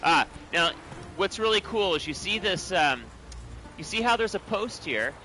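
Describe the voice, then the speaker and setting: A man chatting excitedly to viewers while playing a video game. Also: sits high, a little slow, soft background music. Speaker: game streamer. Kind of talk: casual gameplay commentary.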